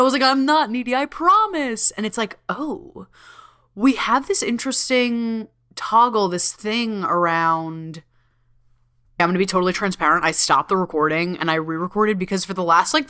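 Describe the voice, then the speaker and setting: Bright, giggly woman podcast host. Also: fairly low pitch. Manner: bubbly, giggly, swears freely, many fillers. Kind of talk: casual solo podcast talk.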